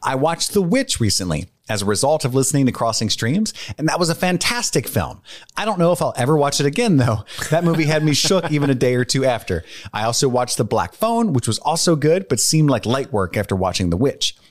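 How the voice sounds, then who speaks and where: This man co-hosts a podcast, casually working through listener emails, cursing freely and shifting into heartfelt, earnest moments. He speaks in a mid-range voice, very animated and a little fast, on a dry recording.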